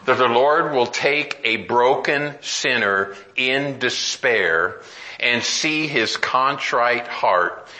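A man's voice: medium pitch, lively intonation, slow, sharp tone, rough recording. A middle-aged man preaching a sermon, earnest and emphatic, often restarting and climbing to exclamations.

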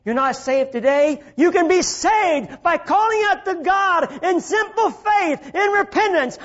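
A man preaching a sermon, swinging between shouted lines and hushed, low-spoken ones. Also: lively intonation, unhurried, dull audio.

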